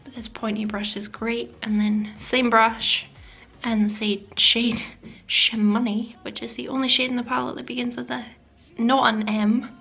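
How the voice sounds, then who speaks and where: A woman's voice: on the high side, level tone, measured pace, vocal fry, a bit bright, slightly rough, faint music behind. A woman narrating a makeup tutorial voice-over, chatty and self-deprecating, sometimes dropping to a whisper. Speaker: beauty vlogger. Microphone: voice-over mic.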